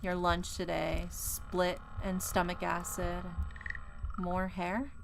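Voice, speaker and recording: A woman streaming a horror visual novel, reading its narration in a measured, atmospheric way with casual asides. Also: fairly low pitch, little pitch movement, vocal fry, over music.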